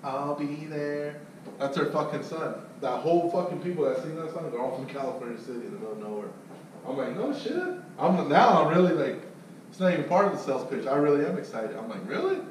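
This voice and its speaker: A man's voice: mid-range voice, fast talker. A man telling a sales story and coaching others, cursing freely and acting out the people in it. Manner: profane, animated storyteller who acts out voices. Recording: echoey room, distant mic, faint noise.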